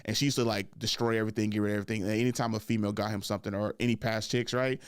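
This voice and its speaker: A man's voice: on the low side, fairly even intonation, very fast, clean tone, no room sound, studio quality. A man in his thirties hosting a podcast, telling a story casually with frequent laughs and "like" and "right?" fillers. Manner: laughs often, fills with "like" and "right?". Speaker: podcast host.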